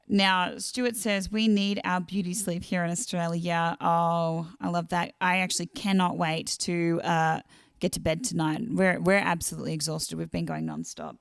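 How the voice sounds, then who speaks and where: A woman's voice: on the low side, creaky, clean tone, no echo, clean studio sound. A woman singer-songwriter hosting her own live stream, chatting casually and reading out viewer comments.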